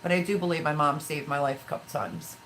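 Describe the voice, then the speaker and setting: A woman's voice: low voice, very animated, fast talker, fairly bright tone, a little hiss or hum, rough recording. A woman in her fifties hosting a casual livestream, reading viewer comments aloud and telling personal stories with feeling. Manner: chatty, emotional storytelling, reads viewer comments aloud. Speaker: livestream host.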